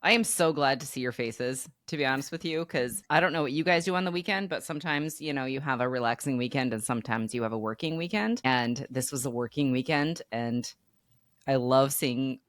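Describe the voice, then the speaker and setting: A woman's voice: very deep voice, fairly quick, a bit bright, no room sound, clean studio sound. A woman co-hosting a casual podcast chat, bubbly and laughing often. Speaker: co-host.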